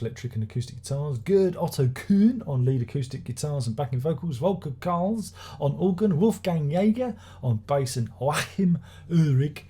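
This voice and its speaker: A man talks through an album review in a loose, rambling way, full of sarcasm, swearing and false starts. His voice is mellow and a little husky, and he sounds like he is chatting off the cuff rather than reading from a script. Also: a little high. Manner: sardonic, swearing, rambling with restarts. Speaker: music reviewer. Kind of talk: casual spoken album review.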